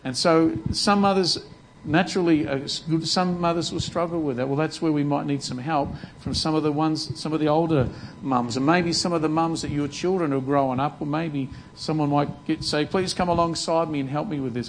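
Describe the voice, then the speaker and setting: A man's voice: fairly high pitch, fairly even intonation, moderate pace, gravelly, slight background noise, low-quality recording. A man preaching a sermon earnestly, often repeating words as he restarts his sentences. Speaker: pastor.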